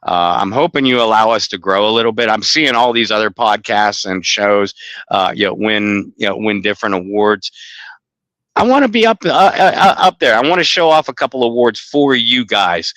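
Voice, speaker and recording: A man's voice: lowish voice, sharp tone, dry recording. Rambling, blunt male podcast co-host. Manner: rambling, halting, with many restarts and blunt profanity. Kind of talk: casual podcast chat.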